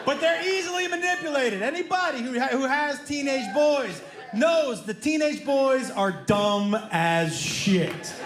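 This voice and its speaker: A middle-aged male comedian with a high voice that leaps around, telling family stories to a live audience and slipping into the voices of his kids and brother. The sound carries the roominess of a theater stage. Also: echoey room, background noise. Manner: animated, acts out family members in quoted voices. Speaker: stand-up comedian. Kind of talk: stand-up comedy storytelling.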